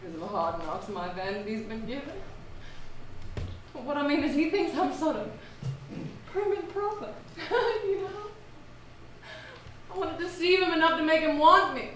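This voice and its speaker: A woman's voice: sits high, expressive, moderate pace, pauses often, fairly bright tone. A woman playing a faded, fragile, vain woman past thirty in a live stage play, with a theatrical, fluttery, pleading delivery. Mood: anxious. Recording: echoey hall, far mic, faint noise.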